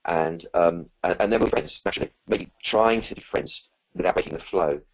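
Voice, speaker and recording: A man's voice: low-pitched, moderate pace, creaky, rough recording. A man answering questions as a spiritual teacher in a live talk, earnest and rambling, with many fillers and restarts.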